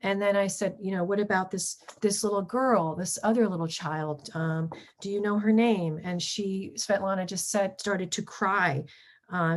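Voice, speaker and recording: A middle-aged woman, a history professor, giving a lecture with slides, pausing often on ums and restarting her sentences. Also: medium pitch, fairly even intonation. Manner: halting, frequent ums and restarts.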